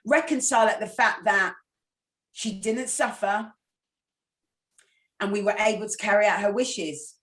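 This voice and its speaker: A woman's voice: mid-range voice, a little slow, long pauses, a bit bright. A woman guest speaking candidly and reflectively in a casual podcast conversation. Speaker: guest presenter. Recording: echoey room.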